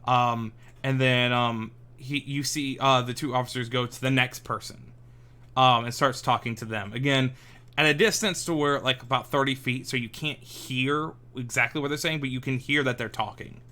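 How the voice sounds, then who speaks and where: Bright-voiced male game master. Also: medium pitch, fairly even intonation, normal speed. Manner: hesitant, full of ums and restarts. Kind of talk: narrating a tabletop game.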